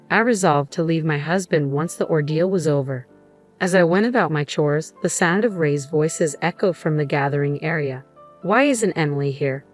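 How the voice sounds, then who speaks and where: A woman narrating a first-person story in an even, measured reading, over faint music. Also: deep voice.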